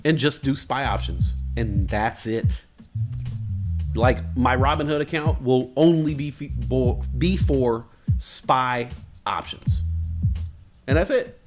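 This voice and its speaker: A man's voice: mid-range voice, slow pace, over music. A man hosting a livestream, chatting casually in a rambling, crude way with silly asides. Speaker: livestream host. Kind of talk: casual stream chat.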